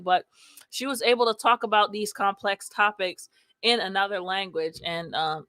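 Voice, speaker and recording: A woman's voice: mid-range voice, normal speed, bright, forceful tone, no echo. A woman hosting a casual live show, reading viewer comments aloud and chatting loosely with many fillers. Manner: chatty, lots of fillers like "like" and "you know". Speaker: host.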